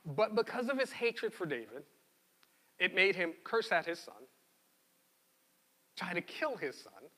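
A man preaching a sermon in an animated, conversational way, often repeating words as he goes. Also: sits high, a little slow, pauses often, in a large hall. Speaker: pastor.

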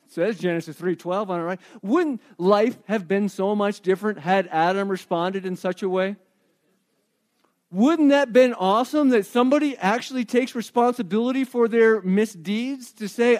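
A male pastor with a high, light voice preaches a sermon. He tells stories with animated emphasis and keeps pulling listeners in with rhetorical questions. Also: moderate pace.

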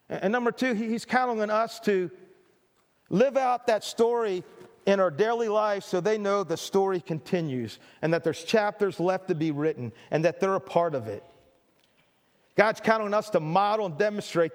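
A middle-aged male pastor preaching a sermon, earnest and emphatic, with stammered restarts and repeated phrases. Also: sits high. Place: church hall. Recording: reverberant church hall.

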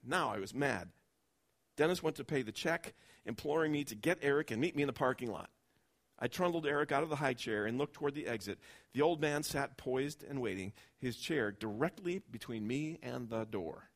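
A man in a sermon reading a first-person story aloud, telling it expressively and going soft and low at tender moments. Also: lively intonation, normal speed.

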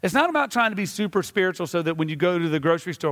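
High-voiced preacher in a reverberant hall. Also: male voice, very fast. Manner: animated storytelling, acting out scenes. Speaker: pastor. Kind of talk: sermon. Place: church sanctuary. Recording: reverberant church sanctuary.

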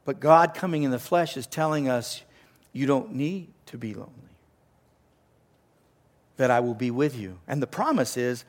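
A man's voice: medium pitch, moderate pace. A man preaching a sermon, earnest, repeating phrases for emphasis and sometimes dropping almost to a whisper. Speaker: pastor.

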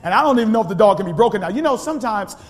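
A man preaching a sermon in a church, calling out to the congregation and swinging from shouting to quiet storytelling. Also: sits high, animated, very fast. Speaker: pastor. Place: church sanctuary. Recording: long hall reverb.

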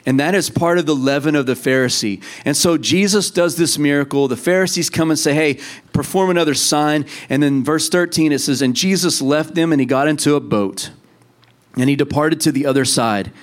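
Man, pastor, conversational sermon, acts out quotes, slightly high voice. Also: fairly quick.

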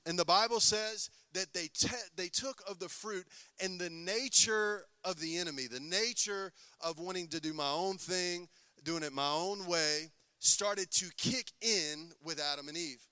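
A man's voice: sits high, measured pace, pushed and bright, smooth, no echo. A man preaching a sermon as pastor, often asking the congregation call-and-response questions.

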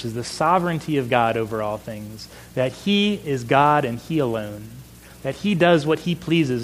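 A middle-aged man preaching a sermon in an earnest voice, slowing down for emphasis. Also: a little high, rough recording. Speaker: pastor.

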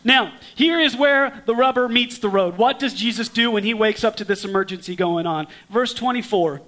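High-voiced man preaching a storytelling sermon. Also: moderate pace. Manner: dramatic, swings from lively to hushed; conversational with restarts.

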